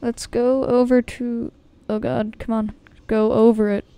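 This female streamer gives let's-play commentary directly to her viewers, skittish and prone to nervous repetition. Her voice is a little high but dark and smooth, flat in delivery and a little slow, with no echo.

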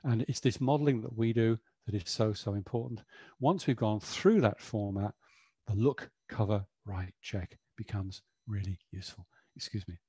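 Husky, mellow man presenting. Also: fairly low pitch, normal speed, dry recording. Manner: chatty, explanatory, frequent "you know". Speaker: webinar presenter. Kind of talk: educational webinar talk.

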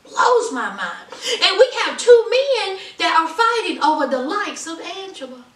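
A woman's voice: very high voice, normal speed, roomy sound, recorded from a distance. A woman giving a sassy, mocking, casual comedic recap of a reality show. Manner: sassy, animated, mocking asides. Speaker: TV recap vlogger.

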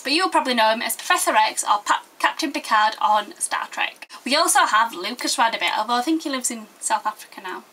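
A young woman with a Yorkshire accent hosts a comic how-to vlog in a sarcastic, chatty way. Her voice sits high and sounds bright and sharp. She is recorded from a little way off the microphone. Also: animated, brisk, hardly any pauses, far from the mic. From Yorkshire, England. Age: young adult. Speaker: vlogger.

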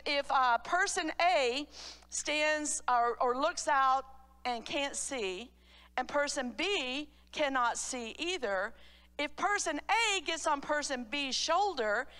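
A middle-aged pastor's wife giving an earnest storytelling testimony sermon at a church meeting, growing fervent. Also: female voice, high voice, pushed and bright. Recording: church hall reverb.

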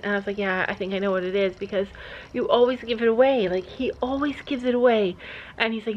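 A woman's voice: mid-range voice, normal speed, a little hiss or hum. Woman, middle-aged, casual vlog storyteller, laughs often, muffled home recording. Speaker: vlogger, mother of the family. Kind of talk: casual family vlog chat. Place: family home and horse barn.

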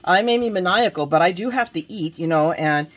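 A woman's voice: fairly low pitch, expressive, brisk, slight background noise. Woman, casual show-and-tell, rambling, self-deprecating, home camera setup. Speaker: craft vlogger.

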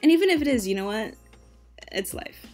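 A woman's voice: a little high, animated, fairly quick, darkish tone, faint music behind. A woman guest chatting casually and reading messages aloud, giggly and self-deprecating. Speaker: guest co-host.

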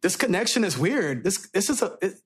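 A man's voice: high-pitched, big pitch swings, fairly quick, slightly rough. A young man co-hosting a podcast in casual chat, playful and joking. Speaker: podcast co-host.

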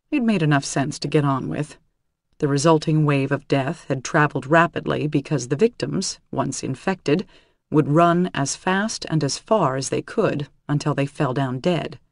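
A man reading a thriller audiobook aloud in a steady, measured storytelling manner. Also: on the high side, no echo, studio quality. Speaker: audiobook narrator. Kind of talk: scripted audiobook narration.

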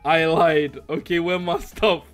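A man's voice: on the high side, steady tone, measured pace, faint music behind. A man giving casual gameplay commentary as a YouTuber, giggling often as he talks. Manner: giggly, laughs through his lines. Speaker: YouTuber playing a game.

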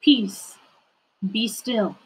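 A calm, gentle storybook teacher , as a woman reads him. He speaks quietly and slowly, with a soft breathy tone. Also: a little high, full character voice, poor audio.

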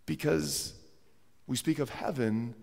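A man's voice: mid-range voice, slow, creaky, darkish tone. A man preaching a sermon as pastor while he has a cold, earnest and often repeating words as he restarts his phrases. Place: church sanctuary. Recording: long church hall reverb.

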